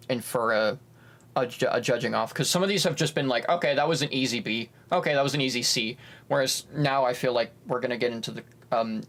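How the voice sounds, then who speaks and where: Young man chatting on a stream. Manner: animated, breaks into high silly voices. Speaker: stream co-host. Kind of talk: casual stream chat.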